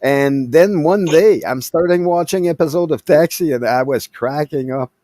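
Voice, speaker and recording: A man's voice: on the high side, moderate pace, mellow, no echo, studio quality. A man from Quebec chatting casually on a video call, rambling with stammering restarts. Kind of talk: casual group chat over a call.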